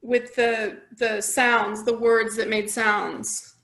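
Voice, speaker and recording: Woman, webinar participant, halting answer, slightly high voice. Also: little pitch movement, fairly bright tone. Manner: halting, searching for words.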